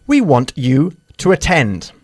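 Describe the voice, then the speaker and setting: A male teacher running quick drills with a lively, up-and-down voice, pitched a little high for a man. He corrects and repeats with animated emphasis, recorded close and dry in a studio. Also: no room sound. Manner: animated, emphatic, switching between English and Spanish. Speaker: English teacher. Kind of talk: bilingual English lesson drills.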